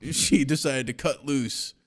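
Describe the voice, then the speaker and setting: A man's voice: medium pitch, a little slow. A young man co-hosting a podcast, joking and laughing often as he chats, with casual swearing. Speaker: podcast co-host. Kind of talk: casual chat.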